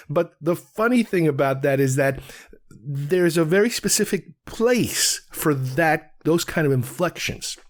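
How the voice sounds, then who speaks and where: A man's voice: a little high, lively intonation, a little slow. A man, raised in Queens, hosting a solo film commentary show and thinking aloud in a rambling, conversational way. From Queens, New York. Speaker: film podcast host.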